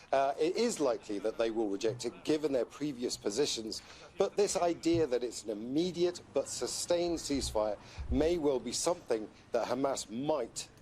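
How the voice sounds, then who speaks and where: Man, TV news correspondent, measured, faint background noise. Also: mid-range voice, a little mellow. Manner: measured, explanatory. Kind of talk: live TV news report.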